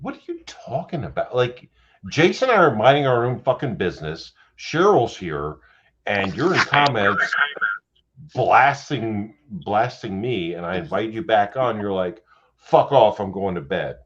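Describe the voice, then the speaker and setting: A man's voice: on the low side, very animated, measured pace. A man hosting a casual late-night livestream, rambling and swearing freely as he chats with guests. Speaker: livestream host. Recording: dull lo-fi stream audio with faint hiss.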